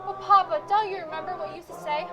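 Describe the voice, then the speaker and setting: A woman's voice: very high-pitched, fairly even intonation, fast talker, a crowd in the background. A woman playing a frightened, pleading young bride. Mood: desperate. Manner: pleading, desperate. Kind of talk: stage play acting. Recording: stage recording with music and audience.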